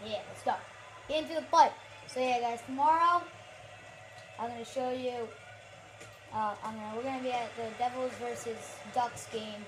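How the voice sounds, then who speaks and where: A high, bright voice narrating a hockey video game as it is played, all hype and trash talk. She keeps bursting into whoops and shouts over quick back-and-forth commentary, with faint noise underneath. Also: fairly even intonation. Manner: hyped, trash-talking, frequent shouts and whoops. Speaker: gaming channel host. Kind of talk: excited live gameplay commentary.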